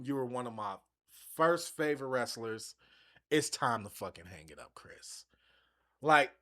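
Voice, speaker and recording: A man's voice: medium pitch, fairly bright tone. A man hosting his own wrestling show, ranting bluntly and casually with lots of swearing. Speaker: wrestling commentary host. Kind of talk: casual opinion vlog.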